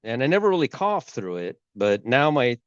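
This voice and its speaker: A man hosting a casual religious commentary video, rambling and halting, with a cold and a sore throat. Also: medium pitch, big pitch swings, smooth, dry recording, dull audio. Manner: rambling, halting, many restarts. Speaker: YouTube host.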